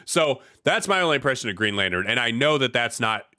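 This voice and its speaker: A man's voice: medium pitch, expressive, brisk, pushed and bright, dry recording, clean studio sound. A man from the US Midwest hosting a podcast in casual chat, laid-back with slang and frequent restarts. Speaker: podcast host.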